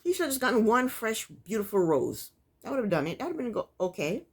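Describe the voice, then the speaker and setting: A woman's voice: a little high, sing-song, quick pace, a little mellow, slightly rough. Chatty woman doing a tv recap vlog, opinionated, voice jumps all over the place when she gets going. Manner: opinionated, chatty, talks straight to viewers. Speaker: TV recap vlogger. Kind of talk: casual recap commentary.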